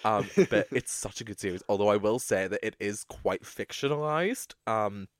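A young man co-hosting a podcast, talking in a chatty, animated way that is full of swearing. His voice sits fairly low, and the recording is dry and close. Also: normal speed, no echo. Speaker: podcast co-host. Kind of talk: casual chat.

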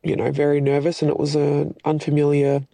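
A woman sharing a secret as a listener in a voice message, hesitant with many pauses. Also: low-pitched, monotone, creaky, dark tone, dry recording, low-quality recording.

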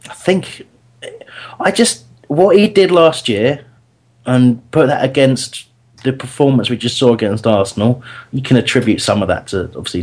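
Chatty man hosting a football show. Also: fairly low pitch. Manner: chatty, many restarts, laughs easily. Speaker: podcast host. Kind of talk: casual football chat.

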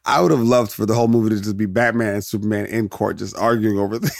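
A man's voice: fairly low pitch, fairly even intonation, fast, creaky, dry recording. A man hosting a podcast, chatting casually and digressing into jokes, laughing often. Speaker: podcast host. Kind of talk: casual rambling commentary.

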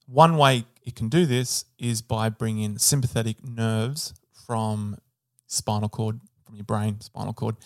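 A man's voice: lowish voice, fairly even intonation, a little slow, few pauses, no echo, clean studio sound. A man co-hosting an educational podcast, explaining step by step with fillers, self-corrections and the odd joke. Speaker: podcast co-host. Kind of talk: casual educational chat.

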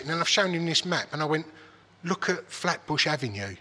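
A man's voice: on the high side, very animated, a little fast, pushed and bright, husky. A man telling a story in casual chat, swearing freely and restarting his sentences. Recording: long hall reverb.

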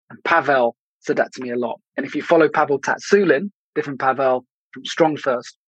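Husky man hosting a solo podcast. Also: mid-range voice, dry recording. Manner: reflective, conversational, with fillers and restarts. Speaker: podcast host. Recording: dull lo-fi dry recording.

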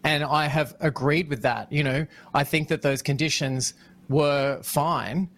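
A man co-hosts a talk show in a slightly high voice. He speaks earnestly about his concerns. He breaks into giggles easily. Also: steady tone, a little slow, a bit bright. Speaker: co-host. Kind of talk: casual talk show chat.

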